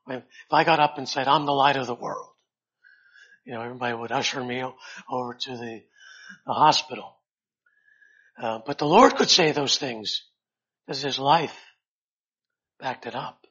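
A man preaching a sermon, pausing often and rising loud and high on quoted scripture. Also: breathy edge. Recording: dull lo-fi sound.

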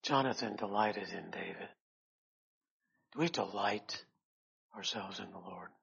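Guy preaching a sermon real slow, bright edgy voice kinda husky, dull lo-fi sound. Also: low-pitched. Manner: slow, earnest, swells loud then drops to quiet.

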